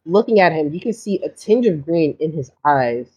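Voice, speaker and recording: A woman's voice: low voice, expressive, moderate pace, dark tone, husky, dull audio. A woman narrating as game master in a casual, rambling way. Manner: casual, rambling, restarts often.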